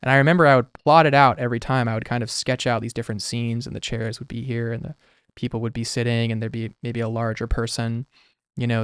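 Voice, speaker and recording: A man's voice: mid-range voice, smooth, dry recording, clean studio sound. A young man talking casually on a livestream while he sketches, rambling with lots of "like" and restarts. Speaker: artist streaming.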